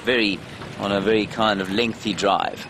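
A man's voice: fairly low pitch, steady tone, normal speed, background noise. Chatty male safari guide on a drive. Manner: chatty, answers viewer questions aloud. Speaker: safari guide and live show host. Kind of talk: live commentary from a game drive. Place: open safari vehicle outdoors. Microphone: clip-on mic, sometimes slipping.

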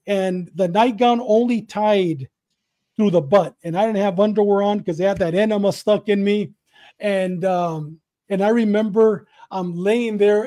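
Earnest higher-voiced man telling his story. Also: dark tone, no room sound. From Southern California. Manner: earnest, repeats himself, acts out both sides of remembered dialogue. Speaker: guest, retired police detective. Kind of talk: emotional personal storytelling.

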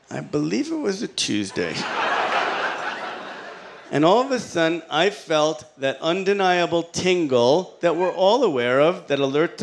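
A man performs stand-up on a club stage, his voice slightly high and his delivery slow and deadpan, now and then leaping up in pitch. A handheld mic carries him over steady audience laughter and clear room noise. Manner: deadpan, slow soft-spoken delivery with sudden pitch jumps. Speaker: stand-up comedian. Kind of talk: stand-up comedy set. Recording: live audience laughter behind.

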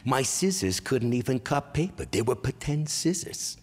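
A male stand-up comedian with a mid-range voice tells stories from his youth on stage, profane and animated, quickly slipping into character voices. A long hall echo trails his words.

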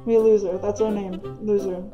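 A woman's voice: mid-range voice, little pitch movement, a little fast, lo-fi sound, over music. A woman giving casual, gushing gameplay commentary as a let's play gamer. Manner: gushing, easily delighted.

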